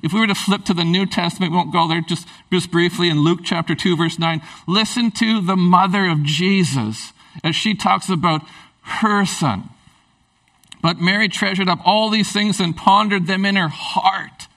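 A man's voice: high voice, normal speed, vocal fry, a bit bright, distant mic, rough recording. A man preaching a sermon in a conversational, emphatic way. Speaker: pastor.

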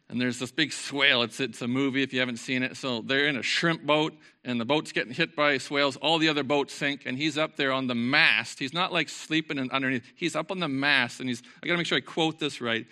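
Gravelly bright-voiced male pastor. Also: mid-range voice. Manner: informal and earnest, shifting from lively to soft and quiet. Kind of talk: conversational sermon with scripture reading. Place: church service.

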